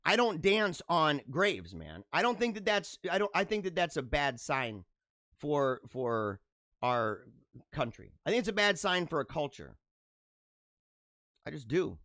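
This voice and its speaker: A man in his thirties hosts a podcast in a high voice that swoops up and down. He mocks and jokes, often laughing at his own lines. The recording is dry and close, with no room sound. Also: very animated, unhurried, bright, forceful tone, no echo. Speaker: podcast host. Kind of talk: casual political commentary.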